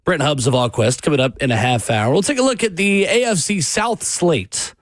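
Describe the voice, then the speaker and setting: A man hosting a sports talk radio show, upbeat and animated. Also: on the high side, moderate pace, dry recording, studio quality. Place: radio studio.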